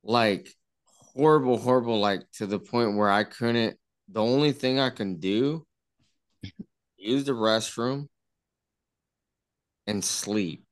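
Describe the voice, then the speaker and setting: A man's voice: medium pitch, slow pace, long pauses, clean tone. A man at a party telling a long story in a rambling way, repeating himself and acting out what others said. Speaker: party guest. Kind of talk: casual storytelling. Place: indoor party room.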